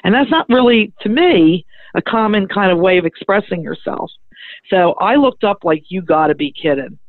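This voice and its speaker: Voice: mid-range voice, normal speed, no room sound. Chatty storytelling medium, from around Philadelphia, tinny phone-like sound, dry. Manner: chatty, animated, acts out quoted voices. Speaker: spiritual medium. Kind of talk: personal storytelling.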